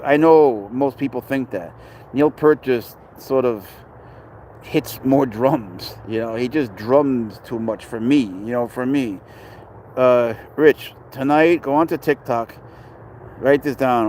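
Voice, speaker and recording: A middle-aged man from New York speaks a little slowly in a mid-range, slightly mellow voice, with slight background noise. Vlogging about his pet outdoors at a city dog park, he rambles chattily with passers-by and chat.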